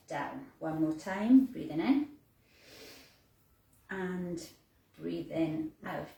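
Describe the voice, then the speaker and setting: A woman leading a home Pilates class, calmly talking through breaths and moves with gentle fillers, in a room in a house. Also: fairly low pitch. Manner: calm, slow cueing of breaths with fillers. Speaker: fitness instructor. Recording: roomy, distant mic with faint noise.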